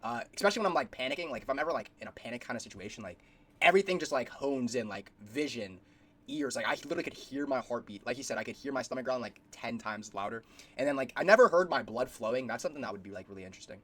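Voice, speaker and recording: A man's voice: medium pitch, animated, very fast, a bit bright. A young man casually rambling through a reaction video, slangy and full of fillers.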